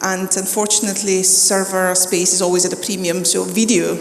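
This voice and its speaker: Audience member, female, halting with "uh"s, roomy hall, long reverb, faint murmur behind. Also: on the low side, little pitch movement, vocal fry, slight background noise. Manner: hesitant with fillers, then speeds up. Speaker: audience member asking a question. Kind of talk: question from the floor. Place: large conference hall. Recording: distant, echoey hall with faint ambience.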